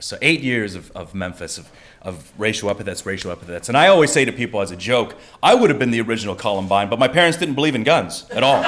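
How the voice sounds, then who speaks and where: A man's voice: fast, a little hiss or hum. Man telling a story, laughing often. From United States. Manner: animated, laughs often while talking; jumps into high voices for quoted people. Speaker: actor telling a personal story. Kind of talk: live storytelling.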